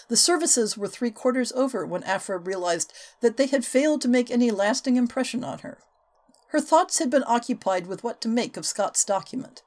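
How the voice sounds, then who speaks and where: A woman reading a historical novel aloud as an audiobook narrator, with expressive, varied delivery. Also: mid-range voice. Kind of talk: scripted narration.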